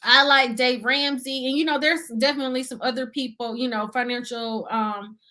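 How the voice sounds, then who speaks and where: Young adult woman, high and bright, earnest talkative guest in a casual interview. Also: steady tone, moderate pace. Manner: earnest, talkative, many fillers and "you see what I'm saying". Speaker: guest, budgeting YouTuber.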